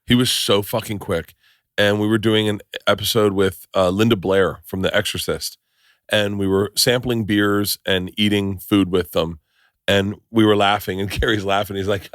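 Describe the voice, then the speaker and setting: Middle-aged male podcast host, low-ish voice, excitable storyteller, dry close mic. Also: normal speed, dry recording. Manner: excitable storyteller acting out quotes. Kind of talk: casual chat.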